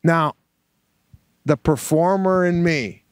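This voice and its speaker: A middle-aged man, a comedian co-hosting a podcast, telling a story with animated energy and acting out the dialogue. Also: a little high, clean tone, no room sound. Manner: animated, acts out dialogue, fast bursts. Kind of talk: comic storytelling.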